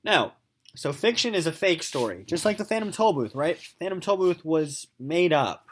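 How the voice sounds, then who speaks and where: A man's voice: fairly high pitch, moderate pace. A man teaching sixth-grade literature in a recorded remote lesson, explaining terms and reading a novel aloud, restating each point in simpler words and checking in often with "okay?". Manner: animated, keeps checking in with "okay?" and "right?".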